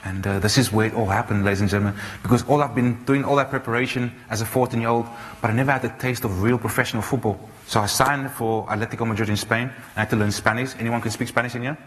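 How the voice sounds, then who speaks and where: A man in his thirties from South Africa, giving an animated storytelling talk on stage, full of restarts and fillers. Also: mid-range voice, fast talker, hardly any pauses. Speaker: speaker. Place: large auditorium. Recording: reverberant hall, faint noise.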